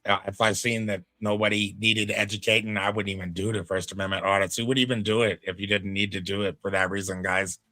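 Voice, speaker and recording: Laid-back low-voiced male streamer. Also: little pitch movement, fast talker, hardly any pauses, bright, forceful tone, no room sound. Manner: laid-back, folksy, drawling asides. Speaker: reaction streamer. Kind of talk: casual live commentary.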